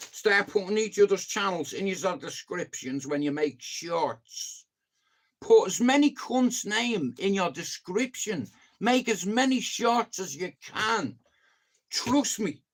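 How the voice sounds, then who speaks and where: A man with a Dublin Irish accent ranting in a casual vlog, swearing freely and swinging between loud bursts and low mutters. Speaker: YouTuber.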